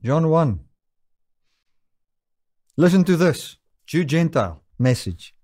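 A man's voice: on the high side, very animated, drawn-out words, pauses often, a little mellow, breathy edge. A man preaching a sermon, quoting scripture with emphatic rises and falls. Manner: emphatic, rising and falling with scripture quotes.

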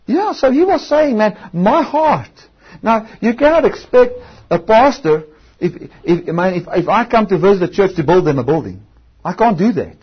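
A man's voice: sits high, very animated, breathy edge, dull audio. A man preaching a sermon, stretching out key words for emphasis and often restarting his sentences. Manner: emphatic, drawn-out stresses, frequent restarts.

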